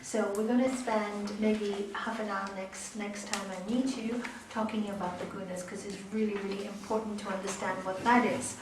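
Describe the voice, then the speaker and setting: A middle-aged woman teaching a yoga class, animated and repeating her key words for emphasis. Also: mid-range voice, normal speed, few pauses, background noise. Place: teaching room. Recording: echoey room, mic far off.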